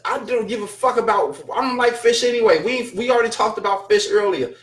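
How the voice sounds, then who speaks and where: A man's voice: sits high, a little fast, fairly bright tone. A man hosting his own show, talking casually to his chat in a blunt, profane, exasperated rant. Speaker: show host reading chat. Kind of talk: casual live-stream commentary.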